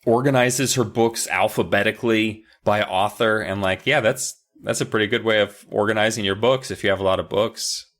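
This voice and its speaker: A man's voice: lowish voice, fairly even intonation, normal speed, few pauses, fairly bright tone. A man co-hosting a podcast, recapping a book in casual, rambling, jokey chat with some swearing. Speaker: podcast co-host.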